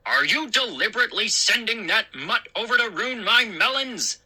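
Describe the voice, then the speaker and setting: A woman voicing a grumpy male neighbor who shouts and scolds in a storybook reading. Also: on the high side, lively intonation, moderate pace, slightly rough, voice pushed up, heavily acted. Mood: sarcastic. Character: grumpy middle-aged male neighbor, fussy gardener.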